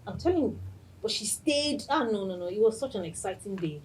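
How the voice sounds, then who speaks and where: A woman hosting a podcast, telling a personal story in an excited way and laughing often. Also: medium pitch, brisk, a little hiss or hum, rough recording. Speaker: podcast host.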